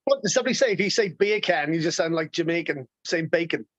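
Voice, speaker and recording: A man chatting as a podcast guest, animated and enthusiastic, laughing often. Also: fairly high pitch, fast talker, dry recording. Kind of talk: casual chat.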